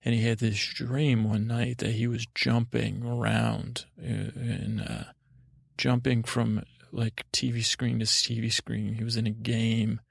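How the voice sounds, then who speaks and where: A man hosting a bedtime podcast, telling a meandering, digressive story in a deadpan way. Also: medium pitch, measured pace, vocal fry, breathy edge, dry recording, clean studio sound.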